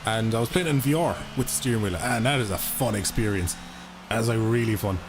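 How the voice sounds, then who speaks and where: Fairly quick and lowish in voice, a young Irishman gives casual live-stream commentary while playing a racing game, swearing freely to his viewers. Racing music and car engines run in the background.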